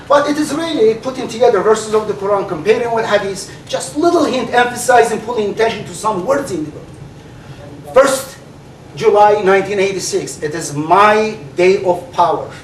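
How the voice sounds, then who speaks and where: A man with a Turkish accent, a native Turkish speaker, giving an animated debate speech full of fillers and restarts. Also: sits high, slight background noise. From Turkey. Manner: animated, halting with many fillers. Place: large hall. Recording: echoey hall recorded from far off.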